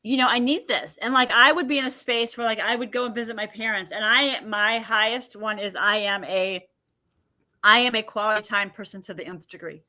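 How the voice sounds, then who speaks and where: Her voice is a little high and fairly quick as she recounts personal stories in a podcast interview. The emotion healer guest brings the tales to life, acting out what others said.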